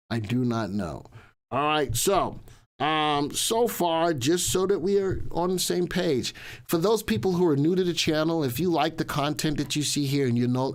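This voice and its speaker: A man hosting a live stock market show, chatty and repetitive, often restating lines as he talks through the news. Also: fairly high pitch. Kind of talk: casual livestream market commentary.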